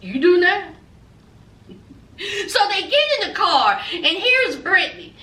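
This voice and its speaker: A woman's voice: very high-pitched, sing-song, a little slow, pushed and bright. A woman recapping a reality TV episode in a sassy, gossipy, playful way. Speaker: TV reality show reviewer. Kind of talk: casual recap chat to camera. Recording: echoey room, distant from mic.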